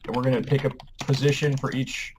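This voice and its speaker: Guy cohosting a podcast, cussing and talking trash, trips on his words sometimes, average pitch. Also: fairly even intonation, fast talker, a little hiss or hum, rough recording. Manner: brash, profane trash talk; stumbles over words. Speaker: podcast co-host. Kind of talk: casual sports banter.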